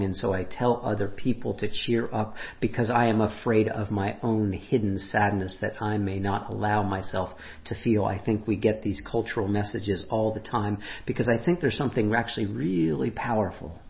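A man preaching as a pastor, speaking gently and unhurriedly, his voice dropping softly on heartfelt lines. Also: fairly low pitch. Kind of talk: reflective sermon. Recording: muffled lo-fi sermon audio.

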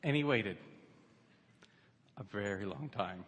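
Husky, bright-voiced pastor telling a story. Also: male voice, fairly high pitch, unhurried. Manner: animated storyteller building to shouts. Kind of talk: sermon storytelling. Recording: echoey hall.

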